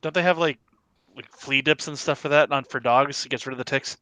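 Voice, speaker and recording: A man's voice: mid-range voice, steady tone, fairly quick, bright, forceful tone, no room sound. A man in a casual podcast chat, tossing wisecracking quips.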